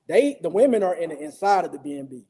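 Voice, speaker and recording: A man, the husband of the guest, chiming in during a casual chat in a halting way that repeats words. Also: on the high side, very animated, dark tone.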